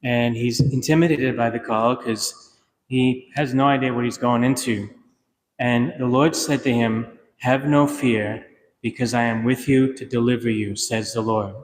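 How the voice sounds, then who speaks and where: Conversational priest in a reverberant church. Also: male voice, mid-range voice, fairly even intonation, normal speed, a little hiss or hum. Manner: conversational, plain-spoken preaching with personal stories. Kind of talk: homily. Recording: long hall reverb, faint ambience.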